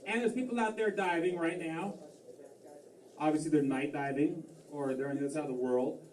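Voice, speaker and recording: Speaking a little fast in a fairly high voice, a Massachusetts man does stand-up on a comedy club stage. The set rambles and is self-deprecating, with lots of fillers and restarts, and the recording has roomy, distant club sound with faint crowd ambience.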